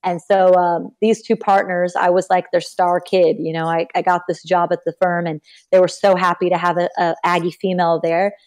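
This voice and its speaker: A woman's voice: moderate pace, few pauses. A young woman from Texas, a podcast guest, telling stories casually and acting out the people she quotes. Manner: animated, acts out quoted people with big pitch jumps. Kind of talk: casual storytelling in an interview.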